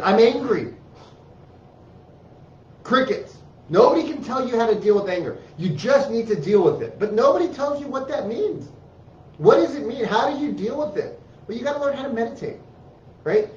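A man with a high voice talks bluntly and emphatically, swearing freely as he gives casual motivational advice. He sounds set back from the mic in a roomy space, with a dull tone and faint ambience behind him. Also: darkish tone, recorded from a distance, slight background noise. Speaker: speaker giving life advice to parents.

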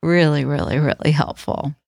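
A middle-aged woman with a slightly low voice and a touch of vocal fry talks earnestly and warmly about faith and family. Her voice is close and dry, with no room sound. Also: fairly even intonation, moderate pace, no echo. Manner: warm, earnest, affirming. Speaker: podcast co-host. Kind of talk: reflective Christian podcast conversation.

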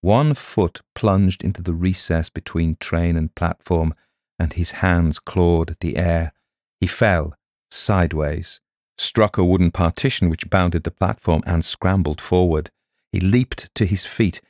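A man narrating a mystery novel in a steady, measured reading. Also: sits low, dry recording, studio quality. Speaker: audiobook narrator. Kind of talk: scripted narration.

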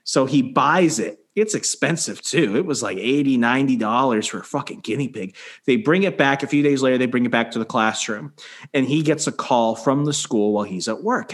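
A man's voice: medium pitch, normal speed. A young man co-hosting a casual chat, telling a story with heavy swearing and mocking retellings. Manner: profane, mocking, acts out quotes loudly. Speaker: podcast co-host.

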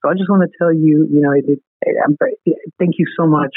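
A man's voice: fairly high pitch, fairly even intonation, slightly rough, no room sound. A man, a podcast guest, telling a story in an earnest way and often checking in with "right?". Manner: earnest, fast, peppers sentences with "right?". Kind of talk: storytelling interview talk. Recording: tinny phone-like line.

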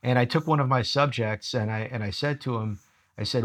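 A middle-aged man of medium pitch tells a story in an interview. He is animated and often chuckles at his own jokes. He speaks as a coach for leaders. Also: fast talker. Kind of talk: storytelling conversation.

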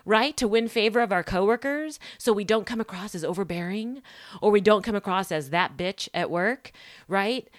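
A woman's voice: medium pitch, dry recording. Emphatic woman podcast host, dry sound. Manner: emphatic, repeats rhetorical questions, many "right?" tags. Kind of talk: solo podcast monologue.

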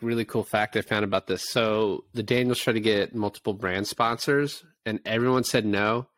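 Man, podcast co-host, casual movie chat, animated retelling, dry sound. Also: on the low side, no room sound. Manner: animated storytelling, acts out scenes in quoted voices.

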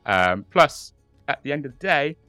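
A man's voice: medium pitch, sing-song, normal speed, pushed and bright, clean tone, dry recording, soft background music. A man with a British accent co-hosting a podcast, chatting casually and laughing often. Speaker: podcast co-host. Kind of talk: casual chat.

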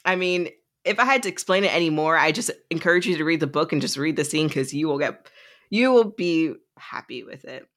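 Woman, low pitch, bright and forceful tone, animated, casual book chat. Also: brisk. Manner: animated, acts out characters' lines. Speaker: podcast co-host.

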